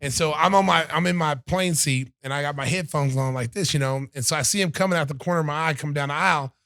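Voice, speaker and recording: Animated storytelling man, dry close sound. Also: a little high, fast talker, dry recording. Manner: animated storyteller, acts out quotes of others. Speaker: podcast host. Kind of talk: casual storytelling chat.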